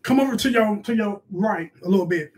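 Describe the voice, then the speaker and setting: Man doing a loud sassy scolding mom. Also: high voice, recorded from a distance, background noise, lightly acted. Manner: shouty scolding, slangy, fast rants. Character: loud bossy middle-aged mother, sassy and scolding. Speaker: comedy sketch character. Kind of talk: improvised comedy sketch, live-stream parody.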